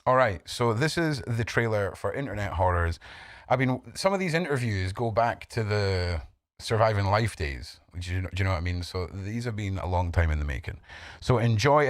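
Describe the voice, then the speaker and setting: A man's voice: lowish voice, no room sound, studio quality. A man hosting a livestream, talking bluntly and swearing freely as he greets viewers by name. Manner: greets chat members by name. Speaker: livestream host. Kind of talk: casual livestream talk. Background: faint background music.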